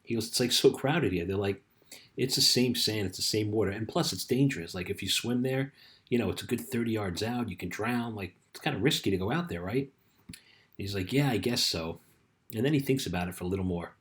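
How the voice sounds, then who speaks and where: Talking briskly, a middle-aged man delivers a laid-back motivational talk like a life coach. His voice is fairly low, and his loose storytelling is full of "you know" and "right?"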